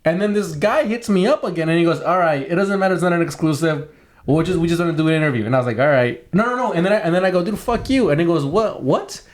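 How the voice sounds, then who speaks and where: Fast-talking young man telling stories. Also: fairly high pitch, expressive. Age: 20s. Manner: rambling storyteller who acts out other people's lines; swears freely. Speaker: podcast co-host. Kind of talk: casual podcast chat.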